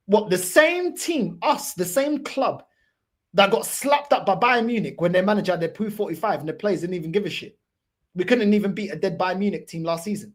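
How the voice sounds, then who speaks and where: Woman, husky, lively pitch, sweary fan rant, mocking tone. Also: brisk. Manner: profane, mocking, repeats "bro". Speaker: football fan channel host. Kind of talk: heated fan reaction rant.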